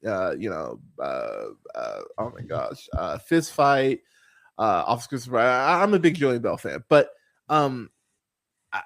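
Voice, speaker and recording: Exasperated, swearing male podcast host. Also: medium pitch. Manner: exasperated, swearing, many fillers and restarts. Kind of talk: casual movie review rant.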